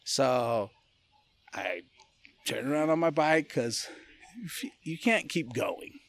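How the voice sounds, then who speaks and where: A man from California, a podcast guest, telling a personal story in a loose, animated way and often laughing as he talks. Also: medium pitch. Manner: animated, acts out other people's lines in quick voices. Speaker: podcast guest, martial arts gym owner. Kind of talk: casual storytelling.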